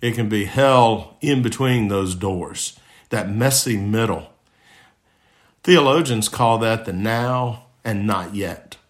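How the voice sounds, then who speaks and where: Earnest male pastor preaching. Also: medium pitch. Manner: earnest preaching, rhetorical questions and lists, swings between raised and hushed voice. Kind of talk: sermon.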